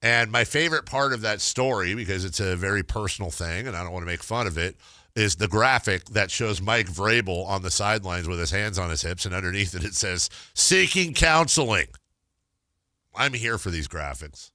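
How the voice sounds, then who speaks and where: A man hosting a sports talk radio show, bantering with a sarcastic, jokey manner and sudden loud outbursts. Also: sits low, fairly quick, no echo, clean studio sound. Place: radio studio. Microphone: studio microphone.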